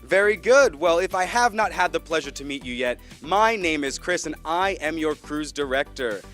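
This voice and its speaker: A man's voice: a little high, animated, normal speed, a bit bright, faint music behind. Upbeat young man hosting a stage show. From Florida. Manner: upbeat showman patter with corny jokes. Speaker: cruise director. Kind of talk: stage announcing to a theater audience.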